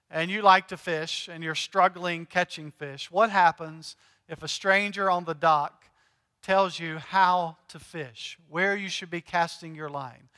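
A man's voice: high-pitched, pushed and bright, smooth. A male pastor preaching a sermon in a conversational, joking way, asking his congregation questions. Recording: long hall reverb.

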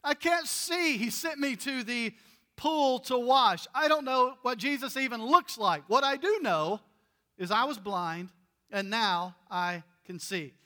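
A man's voice: very high voice, a little slow, pushed and bright, voice pushed up, heavily acted. A man playing an exasperated once-blind man. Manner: emphatic, insistent. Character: exasperated formerly blind man insisting on himself.

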